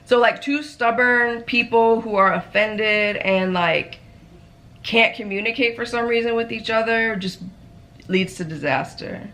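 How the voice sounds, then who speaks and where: Bright-voiced woman telling an animated story. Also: a little high, unhurried. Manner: animated storytelling with frequent "like" fillers. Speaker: vlog co-host. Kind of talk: candid friendship Q&A chat.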